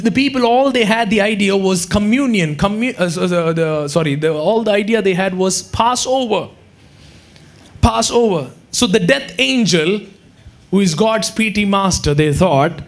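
Animated high-voiced male preacher. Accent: Indian English. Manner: animated preaching, acts out quotes, sudden shouts. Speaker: pastor. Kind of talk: sermon. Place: church hall.

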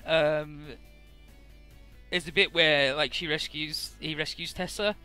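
A man's voice: a little high, fairly even intonation, takes it slowly, sharp tone, clean tone, faint music behind. A man casually recapping a game's story, chatty, with many filler words and the odd swear. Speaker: let's play narrator.

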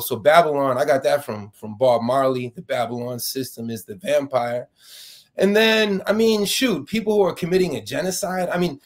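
A man with a New York accent speaks as an interview guest. His voice sits at a middle pitch. He argues his case in an impassioned way, restarting often and pushing harder when indignant. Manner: many restarts, rising intensity when indignant. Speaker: fired professor, guest.

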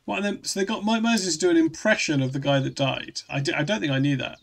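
Male streamer, gravelly and a touch high-pitched, loose rambling chat delivery. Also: fast. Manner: rambling, restarts often, reads chat aloud. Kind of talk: casual live-stream chat.

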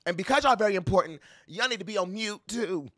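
A young adult man giving playful, sassy pop culture commentary to camera, dramatic and full of mock quotes and quick laughs. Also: high-pitched, a bit bright, dry recording, studio quality. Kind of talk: animated casual commentary to camera.

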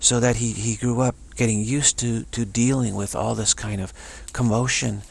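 A man's voice: mid-range voice, fairly even intonation, moderate pace, vocal fry, husky. A middle-aged man teaching a self-development practice in a motivational talk, emphatic and repeating phrases for stress.

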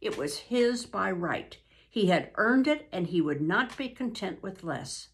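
Older woman, grandma reading a book aloud, unhurried, ums and restarts, lively up-and-down pitch.

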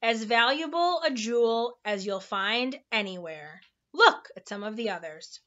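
A woman reading aloud and voicing a proud, loud male math magician from a storybook. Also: on the high side, animated, a little slow, lo-fi sound.

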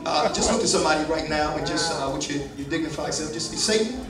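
A man preaches live in a large church hall, his fairly high voice ringing with echo and picked up from some distance. He jokes with the congregation, then rises into shouted praise, with the crowd loud behind him. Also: expressive, fast talker. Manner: swings from quiet asides to shouted praise; folksy and joking with the congregation. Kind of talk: live church sermon with call and response. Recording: echoey hall, crowd, from off-mic. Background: congregation responding.

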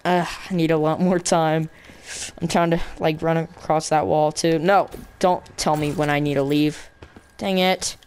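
A man's voice: fairly high pitch, flat delivery, unhurried, darkish tone, clean tone. Goofy joking gamer guy. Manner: goofy, joking, sound effects. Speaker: gamer commentator. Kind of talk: casual gameplay commentary.

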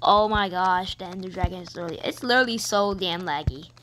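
A woman giving excitable game commentary, shrieking and cursing often. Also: lowish voice, quick pace. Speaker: gamer. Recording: noisy recording with clicks.

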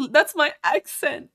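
Giggly higher-voiced woman streamer. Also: pushed and bright. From Australia. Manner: giggly, reads game lines aloud. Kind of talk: casual gameplay commentary.

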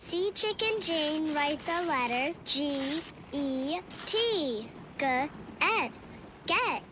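A woman voicing a cheerful narrator of a children's TV segment, reading slowly in a bright, sing-song storybook manner. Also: sits high, expressive, noisy background, heavily acted.

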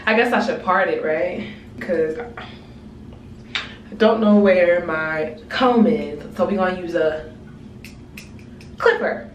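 A young woman with a stuffy nose and a slightly hoarse voice, chatting candidly and poking fun at herself while doing her hair. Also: fairly low pitch, slow pace, long pauses, reverberant, far from the mic, highs cut off, a little hiss or hum. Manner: chatty, candid, self-mocking. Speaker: beauty vlogger. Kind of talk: casual hair tutorial vlog.

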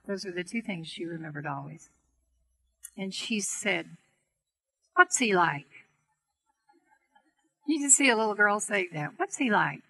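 Middle-aged woman telling a healing story, bright voice, kinda breathy, soft and earnest. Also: on the low side, rough recording. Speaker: healing prayer teacher. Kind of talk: storytelling talk to a seminar audience.

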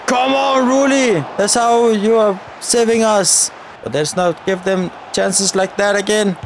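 Gaming commentator, male, high voice, slow delivery, excitable outbursts, faint background noise. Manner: excitable, shouts at players and referee. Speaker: gaming YouTuber. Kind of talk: live gameplay commentary.

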